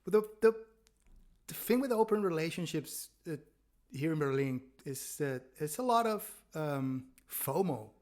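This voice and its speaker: A man, a stand-up comedian, chatting candidly on a podcast, laughing often and halting with fillers. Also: on the high side, lively intonation, darkish tone. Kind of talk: casual chat.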